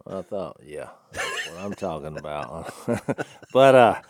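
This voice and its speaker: A man in his fifties with a Southern US twang spins a story over casual podcast chat. His pitch swings widely as he jumps into other people's voices, and he laughs as he goes. The sound is dry and close to the mic. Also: slow, no echo. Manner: animated, acts out other people's lines with a raised voice, laughs often. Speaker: podcast co-host.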